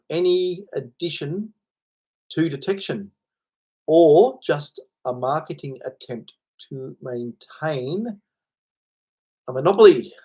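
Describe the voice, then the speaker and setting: A man's voice: on the high side, dark tone, breathy edge. A man hosting a casual livestream, rambling, chuckling and answering chat comments. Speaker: livestream host.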